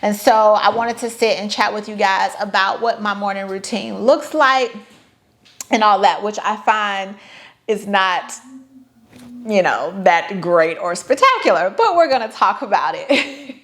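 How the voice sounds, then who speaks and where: A woman's voice: medium pitch, expressive, measured pace, fairly bright tone. A woman in her thirties talking casually to her viewers as a vlogger, chatty and playful with sarcastic asides. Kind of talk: casual talk to camera.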